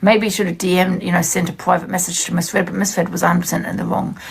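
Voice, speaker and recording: A woman's voice: on the low side, little pitch movement, fast, creaky, husky. A woman giving blunt, emphatic commentary on a live stream, talking straight to her viewers. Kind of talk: casual ranting commentary.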